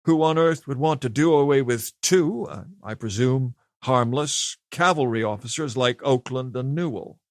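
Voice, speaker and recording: A man's voice: medium pitch, moderate pace, few pauses, no echo, pitched above the performer's own voice, close to an everyday voice. A man voicing a cool, sardonic male prisoner who speaks mildly but with contempt. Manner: mild, dry, contemptuous.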